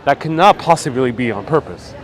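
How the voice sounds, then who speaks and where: A man's mid-range voice, lively in intonation and a little fast, carries a casual live walking tour through city streets. Chatty and quick to laugh, he reads out viewer comments and sounds a bit stuffy-nosed. Faint street noise comes in over his wireless clip-on mic outdoors.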